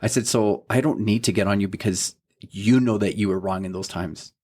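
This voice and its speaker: Fairly low, fairly quick, slightly mellow and husky, this man in his thirties co-hosts a faith podcast. He shares a story about his son casually and earnestly, repeating everyone's words and leaning on "you know what I mean," sounding like a heartfelt, sincere parent.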